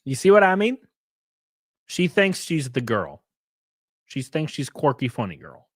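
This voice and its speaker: Man, live streamer, brash, profane, teasing, lively swooping pitch, dry close sound. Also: normal speed, no room sound. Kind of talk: casual reaction stream chat.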